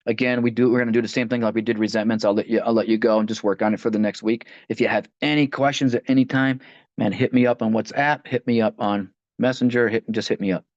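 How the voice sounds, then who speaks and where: A man's voice: fairly low pitch, steady tone, fast talker, darkish tone, dry recording. A man leading a line-by-line recovery book study, talking conversationally and often restarting phrases as he reads passages aloud. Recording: dull, dry lo-fi audio.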